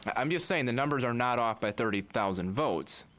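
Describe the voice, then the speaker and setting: A man's voice: mid-range voice, lively intonation, brisk, fairly bright tone, slight background noise. Hesitant man questioning a witness. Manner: hesitant, repeats words.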